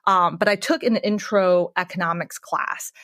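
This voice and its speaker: A woman's voice: on the low side, fairly even intonation, moderate pace, fairly bright tone, no echo. Young canadian woman chatting as a podcast guest, lots of ums, dry close mic. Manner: chatty, many fillers, laughs easily. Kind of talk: casual interview answers.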